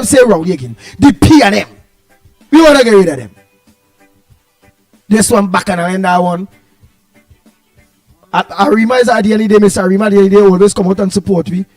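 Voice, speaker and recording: A Trinidadian man co-hosting a live show, calling out greetings to viewers in an animated, half-singing way. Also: high-pitched, dry recording, studio quality. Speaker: co-host. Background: music playing.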